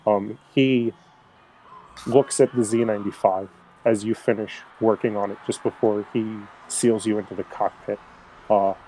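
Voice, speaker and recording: A man's voice: lowish voice, normal speed, slight background noise, low-quality recording. Man narrating as game master. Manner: relaxed, filler-heavy storytelling.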